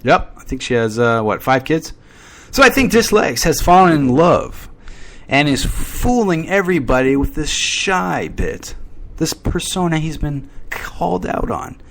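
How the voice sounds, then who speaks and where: A man's voice: fairly high pitch, very animated, measured pace, fairly bright tone. Male internet radio host, rambling irreverent gossip monologue, voice swinging up and down a lot. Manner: irreverent, gossipy, mock-dramatic asides. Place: at home during a thunderstorm.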